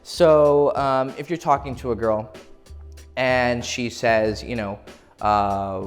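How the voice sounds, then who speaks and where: A man's voice: medium pitch, takes it slowly, faint music behind. A man coaching on dating in a casual, profane way, acting out short quoted exchanges as he explains. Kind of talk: instructional talk to camera.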